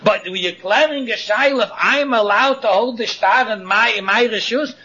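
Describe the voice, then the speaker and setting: A man teaching a Talmud lesson in a lively chanting singsong, arguing both sides of a case in the first person. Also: sits high, normal speed, few pauses. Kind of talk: Talmud study lecture. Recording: dull lo-fi recording.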